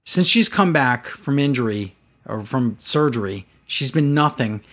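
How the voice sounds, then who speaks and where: A man's voice: medium pitch, animated, a little slow, a bit bright. A man in casual chat, reviewing a wrestling show with sarcastic, exasperated commentary.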